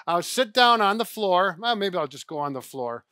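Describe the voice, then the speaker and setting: A man's voice: high voice, sing-song, moderate pace, bright, forceful tone, no room sound, clean studio sound. A middle-aged man co-hosting a casual exercise demonstration, chatty and often restarting his sentences as he shows the moves. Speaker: physical therapist co-host. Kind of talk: casual instructional chat.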